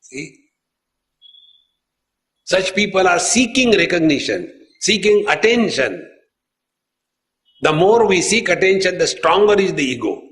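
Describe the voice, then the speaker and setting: Swami giving an unhurried sermon. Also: male voice, high voice, sing-song, fairly bright tone. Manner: unhurried storytelling, addresses listeners as friends. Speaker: swami teaching spiritual discourse. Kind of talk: sermon on scripture.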